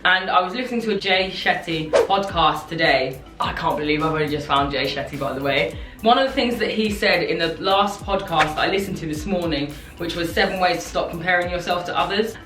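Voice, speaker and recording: A young woman talking candidly and ramblingly to camera in a confessional vlog. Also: medium pitch. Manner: rambling, candid, self-reflective. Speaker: content creator. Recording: echoey room, distant mic, soft music.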